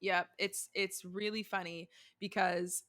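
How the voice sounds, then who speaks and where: A young woman co-hosting a podcast in a casual, animated chat, often restarting her sentences and swearing. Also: mid-range voice, measured pace. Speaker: podcast co-host.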